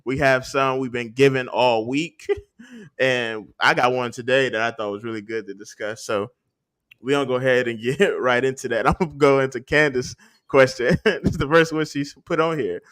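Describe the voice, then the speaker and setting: A man's voice: mid-range voice, moderate pace, a bit bright. A man hosting a podcast in casual chat, loose and joking, laughing often. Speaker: podcast host.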